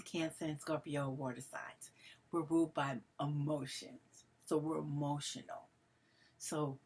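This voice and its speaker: Woman vlogger, lowish husky voice, emotional and melodramatic, chats straight to her viewers. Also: a bit bright. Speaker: vlogger addressing her followers. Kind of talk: casual direct-to-camera monologue.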